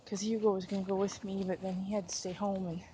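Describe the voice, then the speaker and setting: A woman's voice: mid-range voice, level tone, fast, warm tone, slight background noise. A young woman chatting casually to her camera while walking through woods at dusk, a little out of breath and giggly. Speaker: vlogger. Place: outdoors in a forest at dusk. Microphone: handheld camera while walking.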